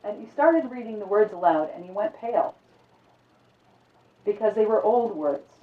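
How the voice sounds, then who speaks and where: A woman telling a dark fairy tale aloud in a conversational, vivid way. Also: medium pitch, expressive, moderate pace. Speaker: storyteller. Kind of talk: oral storytelling. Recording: echoey, distant, phone-like sound.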